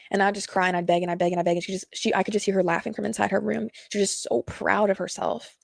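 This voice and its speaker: A woman's voice: medium pitch, level tone, fast talker, vocal fry, few pauses, dry recording. A young woman telling a painful personal story to her viewers, rambling and slangy with many fillers, nervous and close to tears. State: nervous, sweating.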